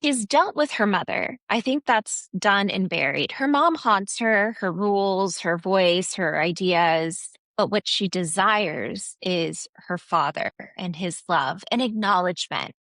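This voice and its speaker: A woman's voice: medium pitch, animated, unhurried, hardly any pauses, fairly bright tone, no room sound, studio quality. A woman co-hosting a casual book-discussion podcast, reflective and analyzing the characters. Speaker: podcast co-host.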